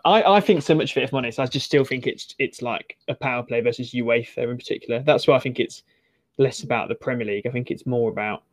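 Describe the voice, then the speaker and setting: In a relaxed football chat, this man's voice rests at a normal middle pitch. His talk wanders, packed with fillers and false starts, as though he's working things out aloud and looping back to complete each point.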